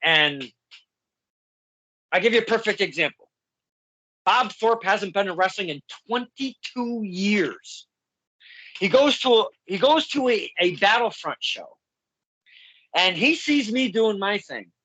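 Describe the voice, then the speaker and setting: Man host telling stories with a lively voice. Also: high-pitched, dry recording, rough recording. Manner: storytelling, halting and searching for words. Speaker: podcast host. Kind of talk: casual podcast interview.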